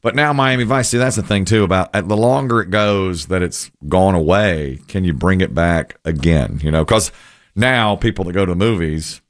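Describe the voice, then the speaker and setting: A man's voice: sits low, normal speed, no room sound, clean studio sound. A middle-aged man hosting a casual talk show, chatty and rambling with wry asides. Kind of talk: casual radio-style chat.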